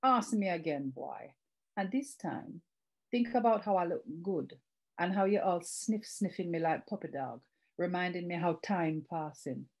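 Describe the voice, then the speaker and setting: A woman's voice: fairly low pitch, animated, measured pace, darkish tone. A woman voicing a bold, commanding older woman cook who teases and scorns a young man, read from her novel. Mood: mocking, commanding. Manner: teasing, scornful, then stern. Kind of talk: reading her novel aloud.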